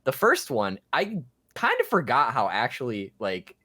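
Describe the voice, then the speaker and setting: A man's voice: mid-range voice, huge pitch swings, a little slow, bright, forceful tone. An adult man co-hosting a casual podcast, enthusiastic and emphatic about films. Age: adult, married.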